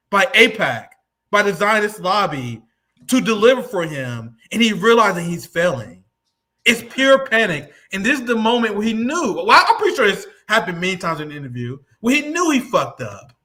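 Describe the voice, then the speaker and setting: A man hosting a stream, giving casual, profane, excited commentary on a played clip. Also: high-pitched, moderate pace. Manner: excited, profane, loud reactions. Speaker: stream host.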